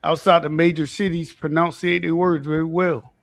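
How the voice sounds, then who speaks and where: A man's voice: on the high side, flat delivery, moderate pace, gravelly. A man on a casual call-in chat, laid-back and opinionated.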